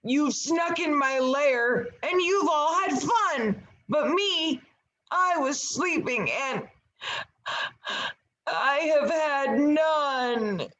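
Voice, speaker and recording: A woman's voice: high voice, animated, very slow, fairly bright tone, voice pushed up, heavily acted, poor audio. A woman doing a big grumpy bear. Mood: sulky.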